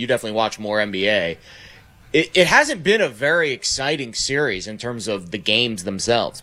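A man on a sports radio show giving measured, analytical takes. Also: medium pitch, pushed and bright.

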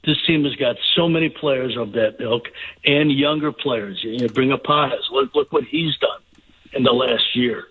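Older male phone-in guest, halting, repeats words, tinny line. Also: medium pitch, breathy edge. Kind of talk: sports radio call-in chat.

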